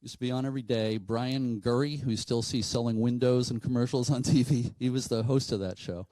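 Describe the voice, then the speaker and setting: A man's voice: medium pitch, steady tone, a little fast, mellow, no echo, low-quality recording. A man from New telling a ghost story to an audience in a conversational way, with frequent fillers and asides. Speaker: paranormal speaker.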